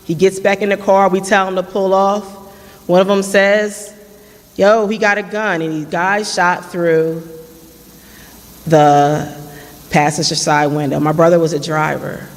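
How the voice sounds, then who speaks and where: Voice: mid-range voice, level tone, measured pace. A person in their late thirties giving an earnest personal testimony at a community forum, retelling past conversations in their own voice. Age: late 30s. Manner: earnest storytelling with reenacted dialogue. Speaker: forum speaker. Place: church hall. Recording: long church-hall reverb.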